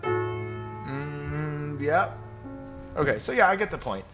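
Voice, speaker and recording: A man's voice: on the high side, expressive, slow. A man teaching piano in a casual question-and-answer lesson, counting patterns aloud while he demonstrates at the keyboard. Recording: loud piano playing behind voice. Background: piano playing.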